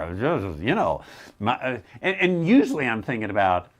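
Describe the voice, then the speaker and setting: A middle-aged man talks through a question as a theologian in a loose, unscripted way. His pitch swings wildly from low mutters to high, mocking squeaks. He sounds wry and animated. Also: brisk. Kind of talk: casual teaching talk.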